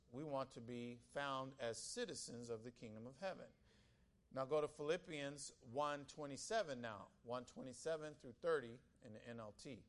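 A male pastor preaching a sermon, telling stories with animation and calling out to the congregation. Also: medium pitch. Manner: animated storytelling, calls out to the congregation.

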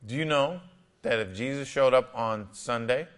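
A male pastor preaching a lively, conversational sermon, often acting out little scenes and quotes. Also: mid-range voice, normal speed, smooth.

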